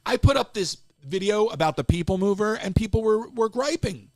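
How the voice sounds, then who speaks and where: Animated, gravelly man ranting on a stream. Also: high-pitched, brisk, no echo, studio quality. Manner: exasperated, animated ranting with many restarts. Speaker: live-stream host. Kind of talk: casual live-stream rant.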